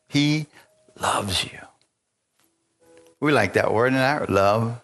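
A man's voice: medium pitch, extremely slow, fairly bright tone, soft background music. A man preaching a sermon in a conversational style, often asking the congregation for amens and chuckling as he talks. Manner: call-and-response preaching with frequent amens. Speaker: pastor.

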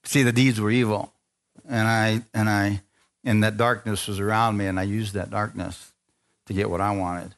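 A male pastor preaches a sermon in call-and-response style, asking the congregation for amens, dropping into low asides and building to loud, rising exhortation, with jokey self-deprecating remarks. His tone is level and his speed normal.

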